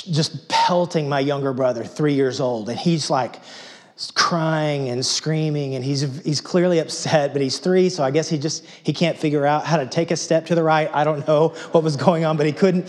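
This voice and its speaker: A man from Texas preaching a sermon in a conversational, humorous storytelling manner. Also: on the high side. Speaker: pastor.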